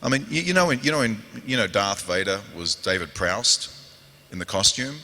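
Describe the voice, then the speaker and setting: Male, New Zealand accent, fairly low and punchy, animated panel storyteller, reverberant convention hall. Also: moderate pace. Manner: lively anecdotes with quoted voices and growls.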